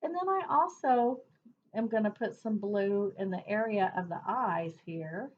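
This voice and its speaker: Woman teacher going over feelings with kids, calm and slow, hums while thinking, kinda muffled lo-fi audio. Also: mid-range voice. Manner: slow, soothing, thinking aloud with soft hums. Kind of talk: gentle classroom lesson on feelings. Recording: slightly dull lo-fi sound.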